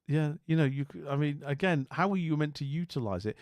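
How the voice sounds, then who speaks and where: A man's voice: on the high side, expressive, brisk, darkish tone, dry recording. A man streaming casually, rambling and bemused as he talks to viewers, with many restarts and asides. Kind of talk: casual live-stream commentary.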